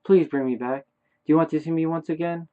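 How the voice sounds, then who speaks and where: A man's voice: a little high, fairly even intonation, fairly quick, voice pushed up, close to an everyday voice. A man voicing the ghost of a young boy who begs and gives eerie orders. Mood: pleading. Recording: tinny phone-like sound.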